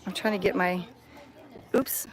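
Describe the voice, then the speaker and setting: A woman's voice: lowish voice, steady tone, unhurried. A woman vlogging on a phone camera outdoors at a cat sanctuary, chatting in a bubbly, enthusiastic way. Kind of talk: casual walking vlog. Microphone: handheld phone camera.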